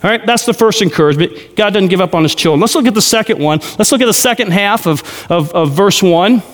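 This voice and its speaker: Man, pastor, verse-by-verse Bible teaching, high voice, lively and joking, long hall reverb. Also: quick pace. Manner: lively, joking asides, many "okay?" check-ins. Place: large church hall.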